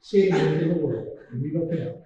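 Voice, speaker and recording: A man from Canada delivers a fervent, indignant lecture, pressing his points through repetition. His fairly high voice rings around a very reverberant hall. He sounds distant from the mic, with a faint hiss underneath. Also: fairly quick, mellow. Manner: impassioned, indignant, emphatic repetition. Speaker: guest lecturer. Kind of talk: public lecture with slides. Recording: very echoey hall, voice from far off.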